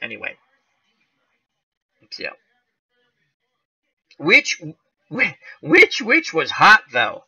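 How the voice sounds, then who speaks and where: Rambling high-voiced man host. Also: huge pitch swings, extremely slow, creaky, long pauses, sharp tone, breathy edge, no room sound, lo-fi sound. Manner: rambling, chuckling, full of tangents. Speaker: channel host reading live chat. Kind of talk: casual live-stream chat.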